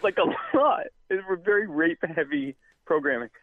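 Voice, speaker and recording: A man's voice: on the high side, very animated, moderate pace, no room sound. Southern male co-host, chatty and rambling, on a dry phone-quality line. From American South. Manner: rambling, joking, many fillers and restarts. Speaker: podcast co-host. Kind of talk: casual live show banter.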